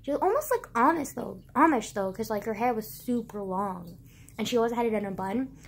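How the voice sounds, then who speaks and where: A woman's voice: fairly high pitch, big pitch swings, brisk, a little mellow, slight background noise. A young woman telling childhood stories to her viewers in a rambling, casual way, full of "like" and swearing. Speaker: vlogger. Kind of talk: casual storytelling to camera.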